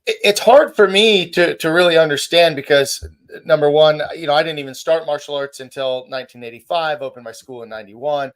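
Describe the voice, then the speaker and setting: Guy hosting a martial arts podcast, kinda high voice, talks slow and thoughtful with lots of restarts. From United States. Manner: thoughtful, hesitant, with many restarts. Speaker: podcast host, martial arts school owner. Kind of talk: casual podcast conversation.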